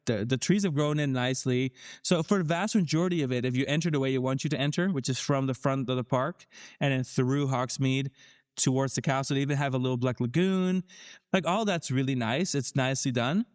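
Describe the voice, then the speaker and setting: A man with a smooth, resonant voice in a relaxed podcast conversation, going into detail about a theme park visit. His pitch sits in the middle range, and he often breaks off and restarts his sentences. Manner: animated, critical, lots of restarts. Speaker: podcast co-host. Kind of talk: casual podcast discussion.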